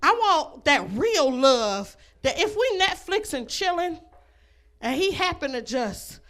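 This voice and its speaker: A woman's voice: sits high, very animated, takes it slowly, fairly bright tone. A woman performing a stand-up comedy set on a comedy club stage, brash and laughing at her own jokes.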